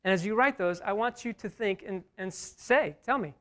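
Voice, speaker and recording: A man's voice: sits high, brisk, fairly bright tone. A man leading an interactive Bible study, emphatic, repeating key words and putting questions to the group.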